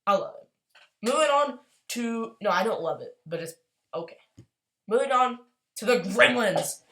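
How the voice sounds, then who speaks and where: A woman chatting casually as a YouTuber, gushing and excitable, rambling along with quick apologies. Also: a little high. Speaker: YouTuber ranking movies. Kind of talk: casual tier-list chat.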